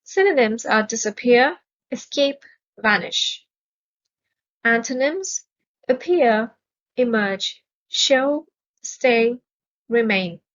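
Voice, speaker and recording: Slow, careful woman teaching vocabulary. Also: fairly high pitch, lively intonation, a bit bright, dull audio. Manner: measured, clearly enunciated, stresses syllables.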